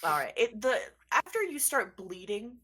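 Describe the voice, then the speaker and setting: A woman running a tabletop role-playing game, describing scenes to a player in a playful, unhurried way. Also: fairly high pitch, big pitch swings, fairly bright tone, breathy edge. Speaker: game master.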